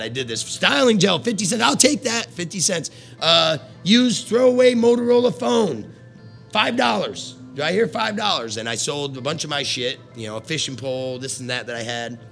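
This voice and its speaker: In a pushed, bright, mid-range voice, a middle-aged man who once worked at a carnival tells a story casually. He's blunt and foul-mouthed, cursing constantly, and his telling rambles and keeps restarting.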